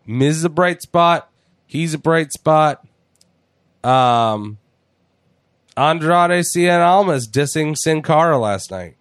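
A man talking casually on a podcast, joking and swearing as he goes. He slips into quick put-on voices when retelling scenes. The sound is dry and close, with no room around it. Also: fairly high pitch, animated, dry recording. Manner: profane, jokey, acts out voices. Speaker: podcast host. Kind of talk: casual wrestling chat.

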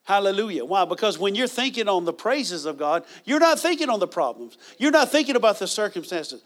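A man preaching a sermon in a conversational way, with bursts of loud praise and chuckles as he tells stories. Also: sits high, big pitch swings, brisk, few pauses. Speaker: pastor.

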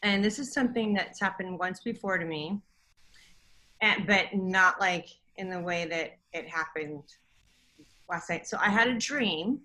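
Bright-voiced woman telling a story. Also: fairly low pitch, measured pace, poor audio. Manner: emotional, rambling storytelling. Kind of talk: casual podcast chat.

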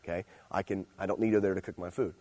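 A young man giving a relaxed, conversational sermon, telling stories about home life and then preaching with growing energy. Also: low voice, fast talker, slightly rough. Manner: conversational storytelling, animated and playful when preaching. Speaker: youth pastor. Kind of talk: casual sermon.

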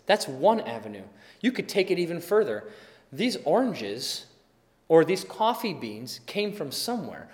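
A pastor giving a sermon in a relaxed, conversational way, acting out little everyday scenes as he goes. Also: fairly high pitch. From Wisconsin, USA. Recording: long hall reverb.

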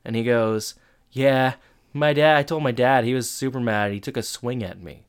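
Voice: medium pitch, normal speed, clear, resonant tone. A podcast co-host chatting casually while recapping a TV episode, adding dry asides and voicing the quotes. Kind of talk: casual chat.

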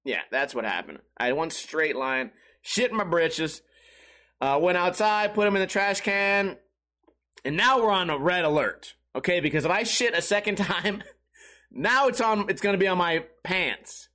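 A man's voice: sits high, animated, moderate pace, sharp tone. A man hosting a comedy podcast, telling crude, profane stories in a rambling monologue, laughing at his own jokes and acting out the people in them. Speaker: podcast host.

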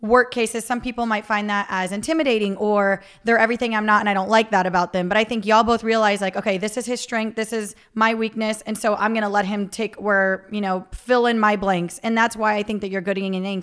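Woman, podcast host, mid-pitched voice, smooth and clear, reflective, affirming. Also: fairly even intonation, brisk, few pauses. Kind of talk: casual interview chat.

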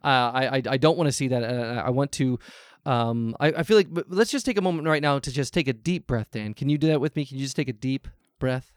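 A man's voice: medium pitch, fast, no echo, clean studio sound, lightly acted. A man playing a stammering, flustered advice-show host. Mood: soothing. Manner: nervous, stammering, overly polite. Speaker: improv comedy host. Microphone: video call.

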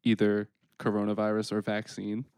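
Smooth-voiced wry podcast co-host man. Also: fairly low pitch, completely flat delivery, moderate pace, darkish tone. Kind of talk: casual podcast banter.

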